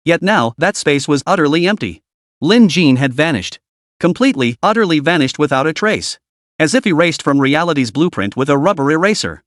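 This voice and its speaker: A man narrating a story in a steady, dramatic storytelling manner. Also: on the high side, a little fast, no room sound, studio quality.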